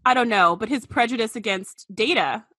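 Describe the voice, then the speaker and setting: Young woman podcast co-host, bright higher voice, chatty, dry close mic. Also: husky, no echo. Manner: chatty, quick asides, laughs often. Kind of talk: casual chat.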